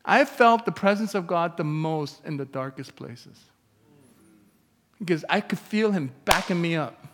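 A man preaching a sermon as pastor, energetic and emphatic, with casual asides to the congregation. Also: fairly high pitch, unhurried. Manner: energetic preaching, rising to loud emphatic peaks; conversational asides with chuckles to the congregation. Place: church sanctuary. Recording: long reverb of a church hall.

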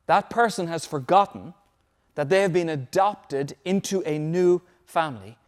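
A man's voice: a little high, unhurried. A man preaching a sermon as pastor, emphatic, repeating key phrases so listeners can take notes.

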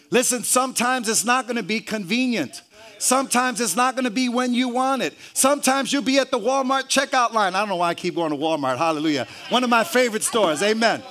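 A man preaching a sermon, peppering his phrases with hallelujah, stumbling and repeating words, joking with the congregation and rising to shouts. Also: very high voice, expressive, a little fast.

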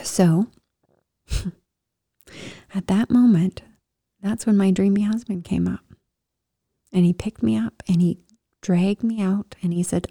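A woman telling her own story in a casual, animated way, swinging from loud bursts to soft whispers. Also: mid-range voice, unhurried, vocal fry, long pauses, no echo, clean studio sound. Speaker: storyteller sharing a personal story.

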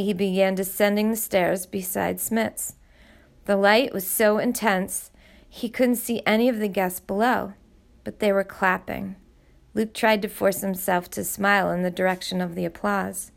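A woman reading a novel aloud with expressive, steady audiobook narration. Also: medium pitch, gravelly. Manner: expressive storytelling.

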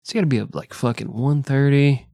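A man co-hosts a history podcast, trading crude jokes and frequent swearing in casual banter. He talks fast at a medium pitch, with vocal fry and a mellow tone, on a dry recording.

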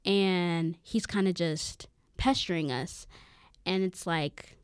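A woman's voice: lowish voice, slow, smooth, dry recording. Chatty young woman co-host, dry close mic. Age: young adult. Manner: animated, chatty, full of "like" and acted-out quotes. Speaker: podcast co-host. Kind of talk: casual storytelling chat.

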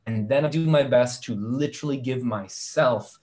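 A man's voice: medium pitch, normal speed, darkish tone. Earnest man talking reflectively. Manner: earnest, reflective, many restarts. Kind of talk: reflective podcast conversation.

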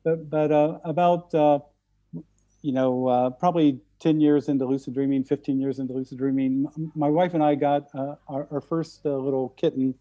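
A man from the central United States tells stories as a guest in conversation, halting and often repeating his words. His voice is dark and mellow, a touch higher than most men's. The recording sounds dull and lo-fi. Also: steady tone. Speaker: guest speaker. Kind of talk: storytelling in conversation.

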